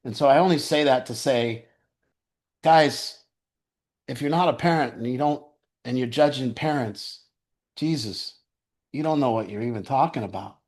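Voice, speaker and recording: A man's voice: mid-range voice, moderate pace, long pauses, a little mellow. A man telling a personal story in a casual, rambling way. He often restarts his sentences and laughs as he talks. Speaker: storyteller sharing a personal account.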